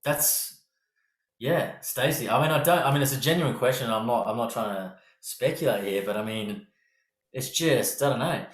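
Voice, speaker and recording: A man's voice: medium pitch, lively intonation, moderate pace. Australian man, podcast host, casual rambling chat, swears a lot, roomy echo. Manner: rambling, swears freely, laughs often.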